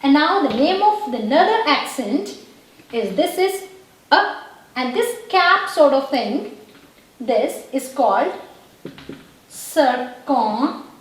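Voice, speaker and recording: Slow, high-voiced woman teaching. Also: sing-song, heavy reverb, low-quality recording. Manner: patient, repeats words and checks in with "okay" and "right". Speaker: French teacher. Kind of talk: slow explanatory lesson.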